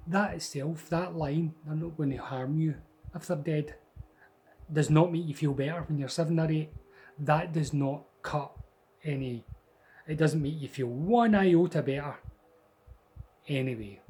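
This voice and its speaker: A man's voice: a little high, takes it slowly, long pauses, darkish tone, poor audio. A Scottish man telling a true ghost story in a rambling, conversational way with many restarts. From Scotland. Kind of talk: casual spoken ghost story.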